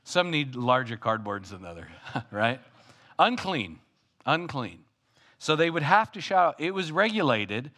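A male pastor delivering a sermon in an animated way. He rises into loud calls and drops into hushed, close asides. His voice sits in an ordinary middle pitch. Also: moderate pace.

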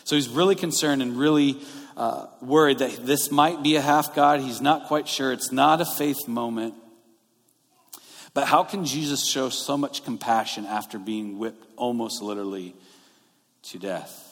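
A man's voice: medium pitch, measured pace. Male pastor, conversational sermon delivery, mid-range voice, large echoing church sanctuary. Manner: conversational, explaining scripture verse by verse. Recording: long reverb of a large hall.

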